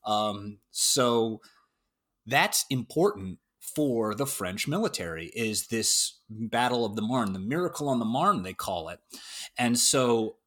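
A man's voice: fairly low pitch, fairly bright tone. Rambling American man explaining history. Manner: rambling, many restarts and fillers. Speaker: guest historian. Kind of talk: casual podcast discussion.

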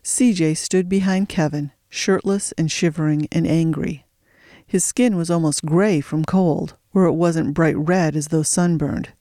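A narrator reading a thriller audiobook in a steady storytelling voice, slowing for suspense. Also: mid-range voice, dry recording, studio quality.

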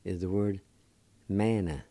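His pitch is low and his tone steady and mellow, recorded without echo. A middle-aged man on the radio, he runs a slow language lesson, deliberately spelling out and pronouncing words and patiently going over them again.

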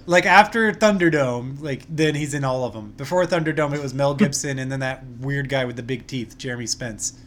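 A man's voice: mid-range voice, a little fast, few pauses, a bit bright, slight background noise. A man in casual chat, rambling through movie trivia he half remembers and second-guesses. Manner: rambling, unsure trivia recall.

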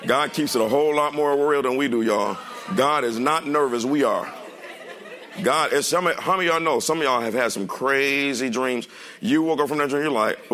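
A male pastor preaching a sermon in a lively, joking way, speaking straight to the congregation. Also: mid-range voice, normal speed, some chatter behind. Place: church sanctuary.

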